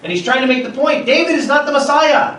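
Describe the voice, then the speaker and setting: A man's voice: very high-pitched, fast talker, recorded from a distance, a little hiss or hum. A man preaching a sermon, reading scripture aloud with rising intensity and then explaining it in plainer talk. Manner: animated, rises loudly when reading scripture. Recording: echoey room, speaker off-mic.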